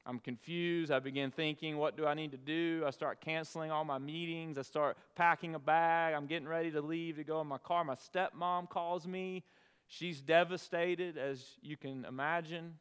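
Pastor, male, smooth clear voice, earnest storytelling sermon with pauses, big reverberant room. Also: a little high, fairly even intonation, fairly bright tone. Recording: long reverb of a large hall.

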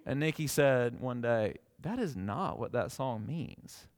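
A man preaching a sermon to his church, moving from casual storytelling into loud, impassioned scripture reading. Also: mid-range voice, animated, a little slow, hardly any pauses, in a large hall. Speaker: pastor.

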